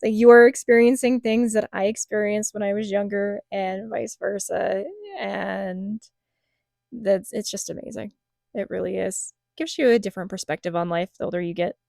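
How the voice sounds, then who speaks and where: A woman hosting a podcast in casual chat, asking questions in a steady, reflective way. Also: medium pitch, normal speed, creaky, no room sound, studio quality. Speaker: podcast host.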